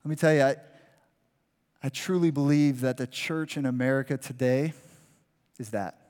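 A man preaching a sermon as pastor, animated and acting out what a crowd would shout. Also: mid-range voice, moderate pace. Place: church sanctuary. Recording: long reverb of a large hall.

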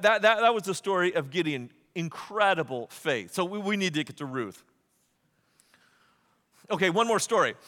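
A man preaching a sermon, retelling stories with lively, acted-out voices. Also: sits high, long reverb tail. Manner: animated storytelling, acts out quotes. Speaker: pastor.

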